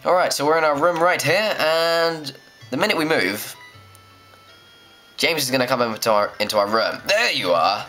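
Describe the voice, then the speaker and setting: A man's voice: a little high, animated, moderate pace, bright, forceful tone. A young man with a jokey, sarcastic manner, commenting on a video game he plays and reading its dialogue aloud. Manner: jokey, sarcastic asides, puts on silly voices. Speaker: let's play host. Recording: faint game music behind.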